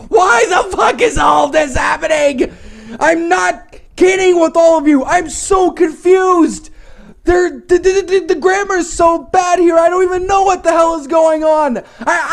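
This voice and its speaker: A man, the channel's host, ranting and shouting in exasperation about a badly written story, swearing heavily and repeating himself in frustrated bursts. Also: very high voice, steady tone, normal speed, gravelly. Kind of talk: comedic angry rant reacting to a bad story.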